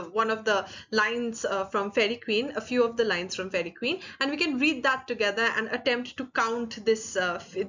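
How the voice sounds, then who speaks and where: A woman's voice: high voice, bright, forceful tone, muffled recording. A woman teaching a literature lesson, explaining patiently, repeating points and breaking them into parts, with many fillers. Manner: reads verse aloud slowly, syllable by syllable. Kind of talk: explanatory online lecture.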